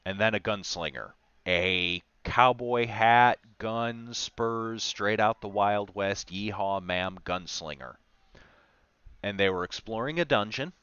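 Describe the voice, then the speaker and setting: A man's voice: lowish voice, a little slow, fairly bright tone, smooth, no room sound, dull audio. A man chatting on a livestream about running tabletop games, telling stories with wry asides. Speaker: game master streaming a talk on game design. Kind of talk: casual livestream talk.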